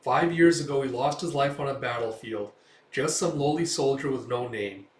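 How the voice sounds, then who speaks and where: A man's voice: medium pitch, moderate pace, lightly acted. Guy doing a chatty old priest guy, hearty and kinda preachy, echoey far-off mic. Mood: earnest. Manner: hearty, talkative. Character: jolly older male priest, chatty and preachy. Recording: echoey room, distant mic.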